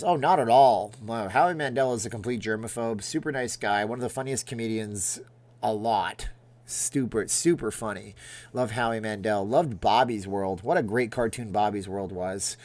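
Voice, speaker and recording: A middle-aged man hosting a casual livestream, rambling and joking as he reacts aloud to viewer comments. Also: on the low side. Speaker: livestream host reading chat.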